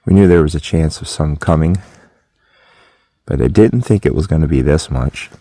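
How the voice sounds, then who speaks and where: A man talking to the camera in a relaxed, plainspoken morning camp vlog at a snowy mountain campsite. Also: rumbling low, normal speed, dry recording. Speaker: vlogger.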